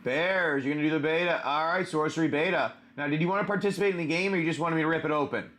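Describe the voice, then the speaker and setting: A man with a somewhat high voice runs a live card-pack stream. He talks casually to his viewers and calls them by name. His speech wanders and is filled with "um" and "uh". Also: fast, a bit bright. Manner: chatty, greets viewers by name, many fillers. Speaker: live stream host opening card packs.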